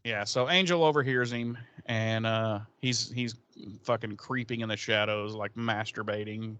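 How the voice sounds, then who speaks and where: Profane, animated man recapping an episode. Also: on the low side, normal speed, clean tone. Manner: profane, laughing, animated storytelling. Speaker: podcast co-host.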